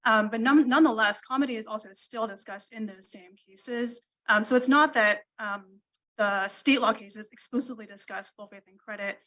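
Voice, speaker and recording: A woman arguing an appeal before a panel of judges, measured and deferential in tone. Her voice sits a little high, and she fills pauses with ums. The sound comes from a courtroom livestream. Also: bright, forceful tone, poor audio. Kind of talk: formal legal argument.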